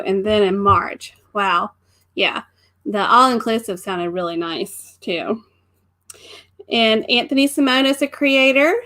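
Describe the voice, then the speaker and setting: A woman's voice: fairly high pitch, a bit bright. A middle-aged woman co-hosting a casual live stream, greeting viewers by name and laughing often. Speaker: co-host of a live travel stream.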